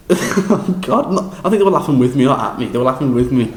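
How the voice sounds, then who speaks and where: A young man with a Liverpool accent, recapping a drama school audition in a rambling, excitable, self-deprecating way with lots of restarts. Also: mid-range voice, brisk, reverberant, a little hiss or hum, poor audio. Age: young adult. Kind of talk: casual vlog recap.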